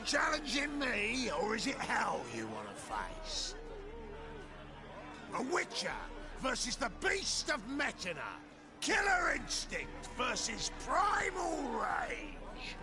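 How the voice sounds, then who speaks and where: A man's voice: very high-pitched, wildly swooping pitch, slow pace, exaggerated voice. An actor voicing a brash, boastful male pit fighter who talks crude and cocky, in video game acting. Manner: loud hollering showman, crude and cocky. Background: game music.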